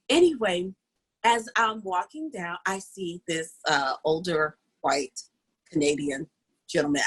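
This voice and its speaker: A woman co-hosting a casual chat over a video call, telling a story with lively voiced quotes. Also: medium pitch, husky, poor audio. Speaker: co-host.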